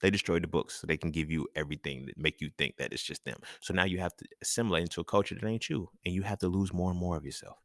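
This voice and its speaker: A man's voice: low voice, very fast, few pauses, a bit bright, no echo, studio quality. A man hosting his own talk show, delivering a casual, profane monologue full of slang and laughter. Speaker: podcast host.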